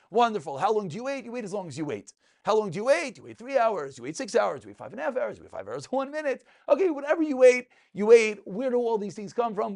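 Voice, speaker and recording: A man teaching a lively Talmud class to students in a room, asking and answering his own questions and joking along the way. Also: sits high. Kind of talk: lively spoken Torah class.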